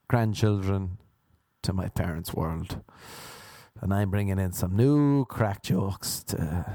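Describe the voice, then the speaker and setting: A young Irish comedian rambles through an absurd story with deadpan, playful timing. His voice is gravelly and swoops up and down a lot. The sound is dry and close. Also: on the low side, dry recording. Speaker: comedian podcast host. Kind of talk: rambling comic monologue.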